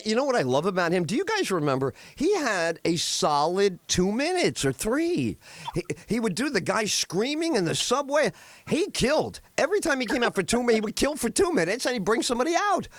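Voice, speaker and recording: A man hosting a radio talk show, telling excitable stories and acting out the voices in them. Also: high-pitched, a little fast, dry recording. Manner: animated, storytelling with acted-out voices.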